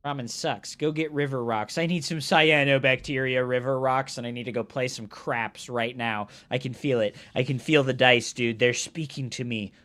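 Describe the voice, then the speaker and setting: A man streaming live, casting a strategy game and chatting with viewers in an excitable, jokey way. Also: medium pitch, moderate pace, few pauses. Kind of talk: live game commentary and chat.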